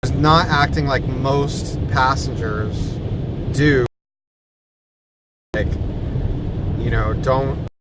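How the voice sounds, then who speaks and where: A man's voice: mid-range voice, fairly even intonation, drawn-out words, long pauses, very noisy. A man who drives for a rideshare service, rambling through a story in casual chat on a phone camera vlog. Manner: rambling storytelling with many restarts. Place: in a car and at a sandwich shop.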